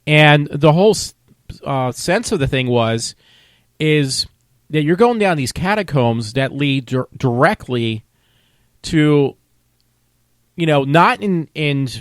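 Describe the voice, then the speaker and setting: A man's voice: mid-range voice, dry recording, studio quality. A man vlogging a casual movie review, talking in a rambling, loose, conversational way.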